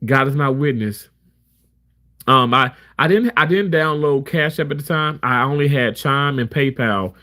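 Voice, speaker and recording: A man's voice: medium pitch, unhurried, pushed and bright. A man talking to camera as a live streamer, telling a story in a candid, emphatic way with many restarts. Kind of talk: casual storytelling rant.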